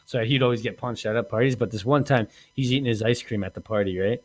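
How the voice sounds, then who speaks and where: A man's voice: medium pitch, fast talker. A man hosting a podcast, telling crude stories in a rambling way, laughing often and acting out what people said. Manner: rambling, laughs often, acts out quoted lines. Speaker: podcast host. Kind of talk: crude casual storytelling.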